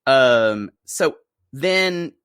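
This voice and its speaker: A man's voice: mid-range voice, lively intonation, very slow, fairly bright tone, clear, resonant tone, dry recording, clean studio sound. A man co-hosting a podcast, chatting playfully and gossipily while recapping a reality show. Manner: playful, gossipy, laughs often. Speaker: podcast co-host. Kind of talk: casual chat recapping a TV show.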